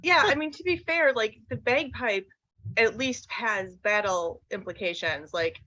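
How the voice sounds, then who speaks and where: Woman player, high voice, dry wry remarks, dull lo-fi call audio. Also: measured pace, bright, forceful tone. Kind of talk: casual game chat. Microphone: video call.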